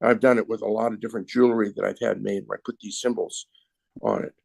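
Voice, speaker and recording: A man with a gravelly, creaky voice, recorded dry and close. He talks slowly and patiently, walking through his ideas step by step as a sound healer. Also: lowish voice, fairly even intonation, dry recording. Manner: slow, explanatory, demonstrating with his hands. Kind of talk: conversational interview.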